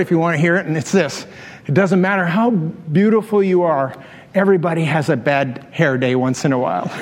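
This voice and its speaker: A middle-aged male pastor preaches with a notably high voice, mixing storytelling with wry humor. His words ring out with a long reverb, as if he is in a large church hall. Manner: storytelling, humorous asides, laughs at own jokes. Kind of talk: sermon.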